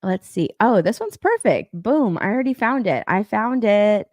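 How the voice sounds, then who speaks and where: Lively, rambling young woman streamer. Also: medium pitch, normal speed, no echo. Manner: rambling, repeats herself, swears casually, laughs often. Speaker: stream co-host. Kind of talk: casual live-stream chat.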